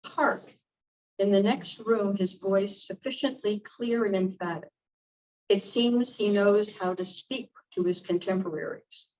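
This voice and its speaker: A woman reading a text aloud to a group, careful and deliberate, now and then stumbling over a word. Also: medium pitch, a little mellow. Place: church meeting room. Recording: distant, dull room recording with faint noise.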